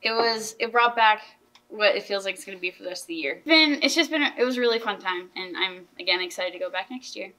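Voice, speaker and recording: Teen girl hosting a school podcast, bright voice, eager and chatty. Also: medium pitch, expressive, fast, rough recording. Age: teens. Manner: earnest, enthusiastic with frequent restarts. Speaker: podcast host. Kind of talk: casual chat.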